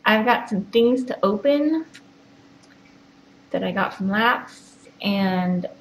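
A woman hosting a kitten rescue live stream, talking in cooing baby talk that often drops to a hushed whisper. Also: mid-range voice, expressive, slow pace, recorded from a distance. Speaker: kitten rescue livestream host. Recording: echoey room with clear background noise.

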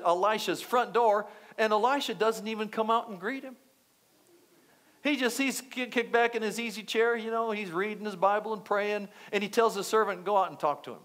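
A male pastor preaching a sermon, telling a story with lively acted-out quotes. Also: high voice. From United States. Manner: animated storytelling, acting out quotes.

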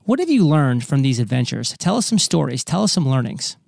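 A man's voice: medium pitch, big pitch swings, a little fast, gravelly, a little mellow, no room sound, studio quality. A man hosting a podcast, speaking emphatically and addressing his listeners directly. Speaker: podcast host.

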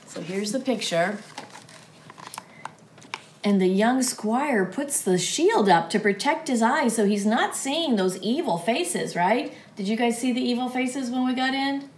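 Slow, expressive woman reading to kids. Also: fairly high pitch, echoey room. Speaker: children's ministry teacher. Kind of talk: reading a story aloud to children.

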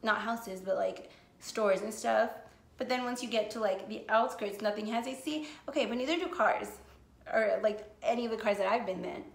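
Gravelly-voiced woman rambling in an echoey room. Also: fairly high pitch, moderate pace. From United States. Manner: rambling, frequent swearing and "like" fillers. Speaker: vlogger. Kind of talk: casual storytime vlog.

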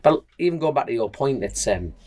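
Fast-talking man rambling about racing. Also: mid-range voice. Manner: rambling, lots of fillers, animated storytelling. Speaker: podcast co-host and motorbike racer. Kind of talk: casual chat.

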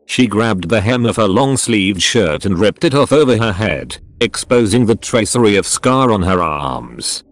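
Low synthetic male storyteller. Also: expressive, a little slow, few pauses. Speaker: narrator.

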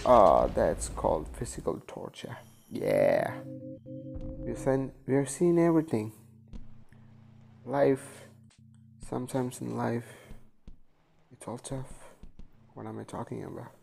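Man, gaming host: gravelly, unhurried, mutters and curses through panicky runs, faint hiss. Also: medium pitch, darkish tone. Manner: muttering, swearing, panicky outbursts. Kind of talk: casual let's-play commentary.

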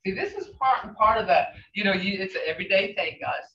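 An older woman teaching a language class, speaking slowly and repeating phrases with emphatic questions. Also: mid-range voice, animated, a bit bright, slight background noise. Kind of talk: language lesson. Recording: roomy, distant, dull sound.

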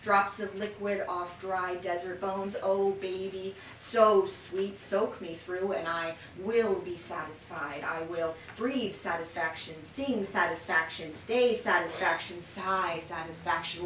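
Woman poet, expressive poetry reading, lowish voice, roomy far-off sound, background noise. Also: slow pace, few pauses. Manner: expressive reading with dramatic swings in loudness. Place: bookshop reading room.

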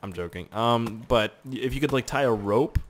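This gaming YouTuber is a young man talking through a survival game in casual let's-play style, full of rambling, jokes and plenty of swearing. He has a mid-range voice at a normal speed, with slight background noise.

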